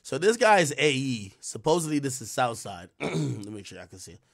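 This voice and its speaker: A man's voice: medium pitch, animated, brisk, gravelly. A man hosting a live stream, giving casual, rambling commentary full of profanity and trash talk. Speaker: livestream host.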